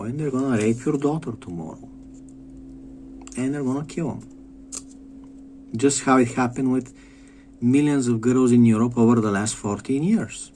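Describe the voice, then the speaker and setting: A man's voice: mid-range voice, normal speed, long pauses, dark tone, a little hiss or hum. A man from Bulgaria, ranting in a rambling monologue, swearing often and repeating himself. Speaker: vlogger. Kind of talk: profane monologue rant.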